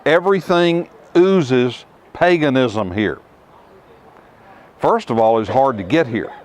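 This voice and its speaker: A middle-aged man teaching scripture outdoors to a tour group, emphatic, with rhetorical questions and dramatic pauses. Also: medium pitch, lively intonation. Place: outdoors at ruins.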